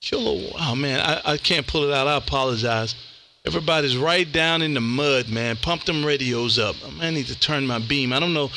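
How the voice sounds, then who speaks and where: A man's voice: on the high side, normal speed, noisy background. A man, a ham radio operator chatting casually on air and calling CQ, laid-back and saying "man" a lot. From Texas. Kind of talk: casual radio chat and CQ calls.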